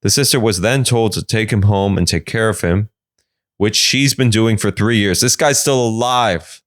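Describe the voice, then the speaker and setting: A man's voice: fairly low pitch, moderate pace, no room sound, studio quality. A man hosting a podcast and recapping odd news stories with jokes. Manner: jokey, animated. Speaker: podcast host.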